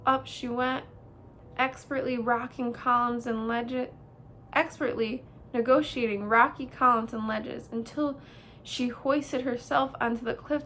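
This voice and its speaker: A woman reading a children's novel aloud as host, with expressive storybook narration. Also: a little high, a little hiss or hum.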